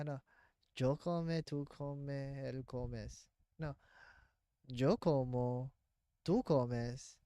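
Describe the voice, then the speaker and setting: A man with a slightly high voice works through new words out loud, slowly and hesitantly, correcting himself as he goes. His voice sounds close and dry, with no room around it. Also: smooth, dry recording. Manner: hesitant, thinking aloud, self-correcting. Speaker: learner vlogging his practice. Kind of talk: casual vlog, practicing aloud.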